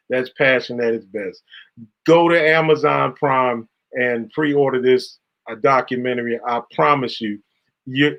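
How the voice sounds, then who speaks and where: A man's voice: mid-range voice, fairly bright tone, dull audio. A man hosting a faith talk show, speaking in a preacherly, affectionate, exhorting way. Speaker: host. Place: Carolina.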